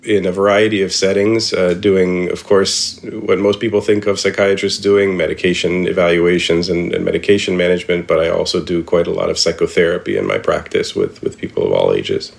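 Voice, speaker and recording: A man's voice: sits low, fairly quick, creaky, few pauses. A middle-aged man from Indianapolis answering interview questions from his home office, hesitant with many ums and restarts. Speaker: psychiatrist and composer guest.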